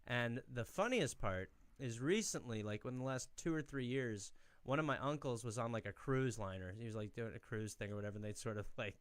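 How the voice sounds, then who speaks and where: A comedian sitting in as a guest on a comedy podcast, telling stories with a dry, wry edge and plenty of swearing. His voice sits at an ordinary pitch for a man and sounds close to the mic, with no room echo. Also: a bit bright. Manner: wry, joking, profane. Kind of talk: casual comedy podcast chat.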